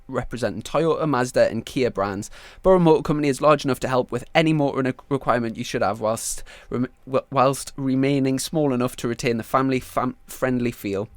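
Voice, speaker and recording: A man's voice: mid-range voice, no room sound. A man hosting a motorbike podcast, chatting loosely and reading a sponsor spot with plenty of fillers and restarts. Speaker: podcast host. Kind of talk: casual chat and sponsor read.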